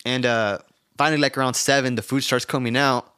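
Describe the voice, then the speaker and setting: A man's voice: medium pitch, brisk, smooth. A young man co-hosting a podcast, telling a rowdy story in casual chat, laughing often and acting out the lines he quotes. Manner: laughing, animated storyteller who acts out quotes. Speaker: podcast co-host.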